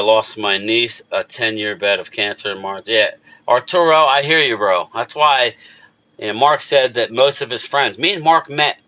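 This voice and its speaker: A man's voice: fairly low pitch, sharp tone, muffled recording. A middle-aged man with a South Jersey accent, hosting a casual live chat on his sports channel, rambling and emotional as he answers viewers. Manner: rambling, emotional, talks back to chat readers. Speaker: YouTube sports channel host.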